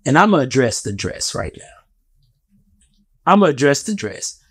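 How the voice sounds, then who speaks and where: A man in his thirties, a comedian giving casual reaction commentary, animated and profane, stumbling over repeated fillers. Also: mid-range voice, normal speed, husky. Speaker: comedian and actor commenting on an interview.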